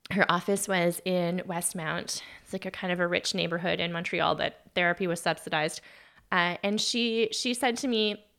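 A woman's voice: lowish voice, fairly even intonation, normal speed, vocal fry, a bit bright. A woman in her thirties hosting a solo podcast, talking in a chatty, earnest way full of "like" and self-corrections. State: briefly emotional, voice catching. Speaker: podcast host.

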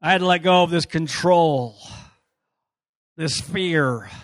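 A man preaching a sermon, telling a story in an animated way with frequent laughter and sudden shouted outbursts. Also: a little high, takes it slowly, no echo, studio quality. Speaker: pastor.

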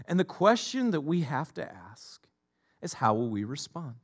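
Middle-aged guy preaching a sermon, pretty high voice, really animated, keeps hammering points. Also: a little slow. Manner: animated, emphatic preaching with repetition. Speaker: pastor.

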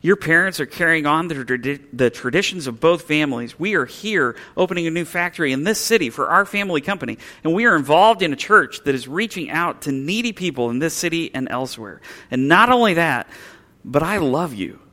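A loving father, proud and insistent, reminding his boy who he is, as a male preacher voices him in a sermon story. The voice is bright and forceful, but otherwise close to an everyday tone. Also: a little high, lively intonation, a little fast, voice pushed up. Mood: earnest, proud. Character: loving father coaching his young son.

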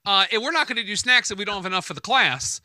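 Upbeat male podcast host, piercing bright tone, talks over a remote call. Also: high voice, lively intonation, fast talker, dry recording. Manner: upbeat, joking, with many fillers and restarts. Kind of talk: casual podcast chat.

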